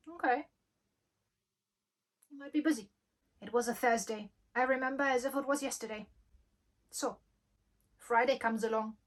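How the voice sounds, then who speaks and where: Young woman vlogger, slightly high voice, lively storyteller. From Germany. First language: German. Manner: lively storytelling, acting out quoted dialogue. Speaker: channel host. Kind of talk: storytime vlog.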